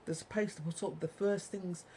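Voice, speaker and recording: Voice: medium pitch, fairly even intonation, normal speed, warm tone, slight background noise, rough recording. A speaker in an angry monologue to viewers, ranting, repeating and swearing heavily. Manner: ranting, heavily profane, repetitive. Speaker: vlogger.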